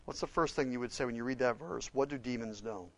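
A man from Oklahoma preaching a conversational sermon. He is animated and emphatic, often questioning his listeners and slipping into casual fillers. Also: medium pitch, fast, vocal fry. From Oklahoma, USA. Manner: animated and emphatic, questions his listeners directly and gets loud on key points; informal, with fillers and restarts. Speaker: pastor or Bible teacher. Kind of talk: sermon, conversational Bible teaching.

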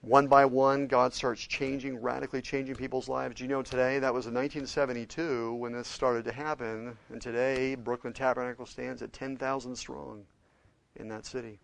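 A man preaching a sermon, retelling stories of changed lives with quoted dialogue and shifts between hushed and emphatic moments. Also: mid-range voice, little pitch movement, moderate pace, creaky. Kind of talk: sermon storytelling.

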